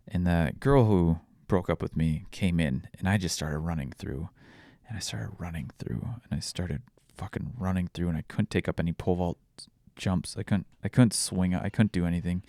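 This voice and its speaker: Deep-voiced young man telling his story. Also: a little mellow, dry recording, clean studio sound. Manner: frank, swears often, halting restarts. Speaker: podcast host. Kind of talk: candid personal storytelling.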